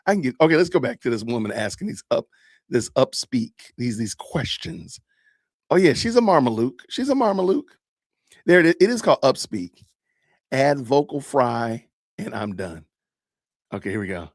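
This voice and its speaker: A man's voice: medium pitch, very animated, brisk, no room sound, studio quality. A middle-aged man hosting a live stream, chatting animatedly and laughing often as he reacts to videos. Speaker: podcast host. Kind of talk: live-stream commentary on body cam videos.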